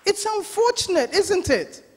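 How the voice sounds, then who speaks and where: A woman pastor preaching a sermon, telling a story with lots of laughter and animated voices. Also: extremely high pitch, a little slow. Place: church. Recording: reverberant church hall.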